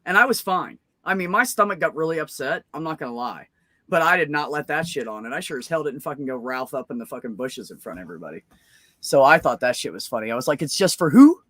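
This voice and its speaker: A woman's voice: very deep voice, fast, dry recording. A woman hosting a casual stream chat and telling rowdy, profane stories from her childhood. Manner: profane, animated storyteller. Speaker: stream host.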